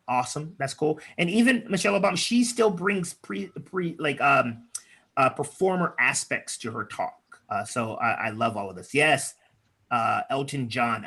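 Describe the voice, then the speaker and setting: A man's voice: medium pitch, bright, forceful tone, slightly rough. Encouraging man coaching on a video call. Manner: chatty and encouraging, with frequent fillers. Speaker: speaking coach leading an online workshop. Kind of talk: workshop talk with improv exercises.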